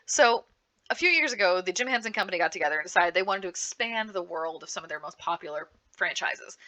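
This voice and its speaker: A woman speaking with lively enthusiasm, recommending comics and manga in a casual panel talk. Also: lowish voice, fast talker. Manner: lively, animated, frequent restarts and laughs. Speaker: librarian giving a book panel.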